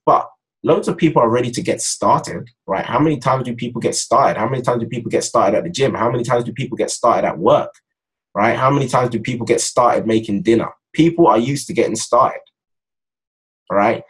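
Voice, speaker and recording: A young man giving a casual, energetic sales training talk, repeating his points and addressing viewers as "guys". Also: mid-range voice, fairly quick, slightly rough, poor audio. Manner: energetic, repetitive, speaks straight to viewers as "guys". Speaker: network marketing trainer.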